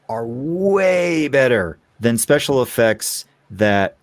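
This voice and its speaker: A man guesting on a podcast, chatting casually and telling candid, animated stories. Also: medium pitch, slow, dry recording.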